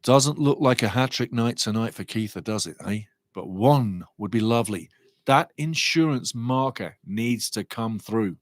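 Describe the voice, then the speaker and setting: A middle-aged man hosting a live football watch-along, calling the action excitedly and reading viewer comments aloud. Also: medium pitch, unhurried, dry recording.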